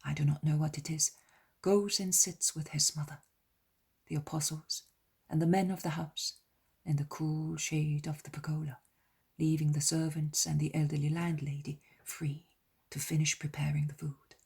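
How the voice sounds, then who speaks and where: Breathy, whispering woman audiobook narrator. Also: low-pitched, little pitch movement, moderate pace. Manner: soft half-whispered reading. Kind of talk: dramatized religious audiobook narration.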